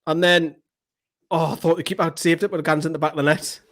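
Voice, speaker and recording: A man, co-hosting a live football watchalong from home, chatting casually, swearing and erupting with excitement. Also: on the high side, quick pace. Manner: excitable, swears, shouts at goals. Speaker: fan channel co-host. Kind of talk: live match watchalong chat. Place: indoors at home with a computer.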